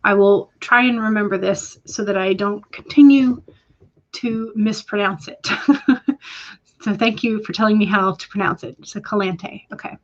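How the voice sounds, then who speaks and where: A woman hosting a relaxed writing stream reads her viewers' comments aloud and chats back, pausing often with small fillers. Her pitch sits in the middle, and the sound is slightly dull, like a home streaming setup. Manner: hesitant, with frequent fillers. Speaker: livestream host reading chat. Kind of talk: casual livestream chat.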